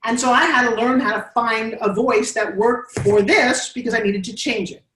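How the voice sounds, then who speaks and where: A woman's voice: a little high, moderate pace, recorded from a distance, a little hiss or hum. A woman with a New York accent, leading a live workshop and guiding students through exercises. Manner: animated, coaxing instructor directing students. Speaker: on-camera presence coach. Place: classroom. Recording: echoey classroom from afar.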